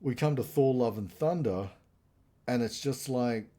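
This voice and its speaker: A man co-hosting a live review stream, retelling comic plots in a rambling, animated casual chat. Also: mid-range voice, measured pace.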